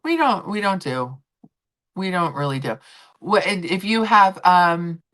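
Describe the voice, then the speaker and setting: Woman streamer, casual rambling chat, swears freely, very animated pitch, bright tone. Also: unhurried. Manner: talks to chat viewers directly. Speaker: livestream host.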